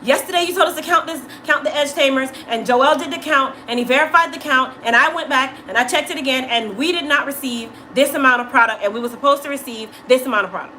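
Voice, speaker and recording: A woman imitating an upset female employee who reports a problem in rapid, agitated run-on sentences. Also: sits high, bright, forceful tone, slight background noise, low-quality recording.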